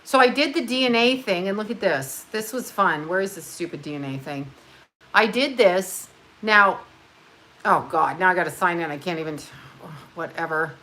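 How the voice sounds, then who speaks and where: A woman's voice: lowish voice, moderate pace, pushed and bright. A woman from Canada chatting casually on a livestream, rambling, blunt and profane, with self-mocking asides. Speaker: livestream host. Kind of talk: casual chat.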